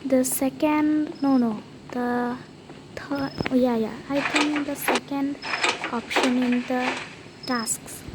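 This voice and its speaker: A woman's voice: high voice, steady tone, slow, background noise. A woman, commenting nervously on a horror game as she plays, often dropping to a whisper and pleading. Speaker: gamer playing a horror game. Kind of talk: casual gameplay commentary. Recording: loud typing and clicks behind.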